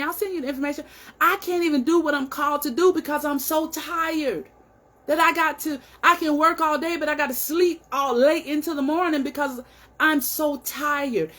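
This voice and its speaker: A woman talks casually and encouragingly to her viewers, sharing her own weight loss journey. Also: high-pitched. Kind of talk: casual heartfelt vlog talk.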